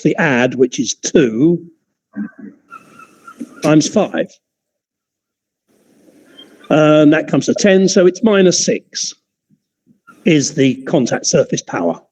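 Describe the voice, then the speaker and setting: A man's voice: on the high side, darkish tone, poor audio. A man teaching an optics class in an informal, chatty way, often digressing and restarting his sentences. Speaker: optics lecturer.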